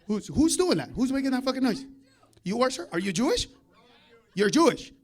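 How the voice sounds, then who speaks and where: High-voiced, profane stand-up comedian. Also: male voice, very animated, brisk. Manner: loud, profane, confrontational with the crowd, swings from low mutter to shouting. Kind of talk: live stand-up routine. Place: comedy club stage.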